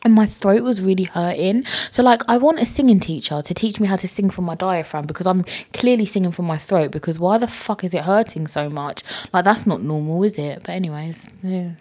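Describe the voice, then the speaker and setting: A woman's voice: on the low side, fairly quick, few pauses, dark tone. A young woman hosting her own podcast, chatting casually with playful self-mocking asides and frequent swearing. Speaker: podcast host. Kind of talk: casual solo podcast chat.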